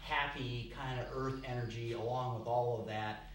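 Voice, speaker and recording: A young adult man, an herbalist, lecturing a class in a casual, rambling way with many fillers and bursts of playful, high-pitched voices. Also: moderate pace, slight background noise. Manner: animated, acts out giddy voices with high squeals.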